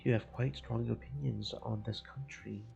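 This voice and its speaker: A man voicing a calm, courteous minotaur investigator in a measured tone. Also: mid-range voice, gravelly, dull audio.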